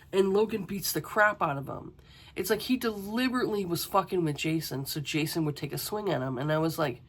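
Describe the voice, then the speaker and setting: A woman's voice: mid-range voice, slightly rough. Exasperated woman ranting about a book. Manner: exasperated, ranting with swearing and rhetorical questions. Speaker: book reviewer. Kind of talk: casual book review monologue.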